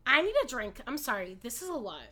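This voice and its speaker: A woman's voice: fairly high pitch, brisk. A woman co-hosting a podcast, casually retelling a musical's plot and acting out the characters' lines, with some swearing. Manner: animated, profane, acts out characters' lines. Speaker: podcast co-host.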